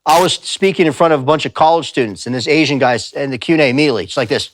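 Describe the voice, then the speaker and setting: A man's voice: mid-range voice, very fast, no room sound, clean studio sound. A man giving a live talk in a church, speaking emphatically and telling stories with quoted voices. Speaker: pastor and speaker. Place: church sanctuary.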